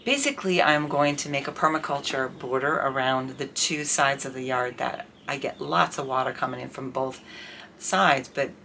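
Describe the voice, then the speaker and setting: A middle-aged woman chats to camera in a casual vlog, her voice sitting low in pitch. She talks candidly and with animated indignation. A faint hiss of noise runs under her voice. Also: normal speed, vocal fry. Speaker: vlogger.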